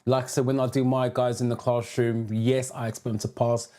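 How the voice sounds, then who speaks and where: With a medium-pitched, dark, level voice and a slightly quick pace, a British man teaching driving theory hosts a live stream. He calls out viewers by name, reads their comments aloud, and advises them.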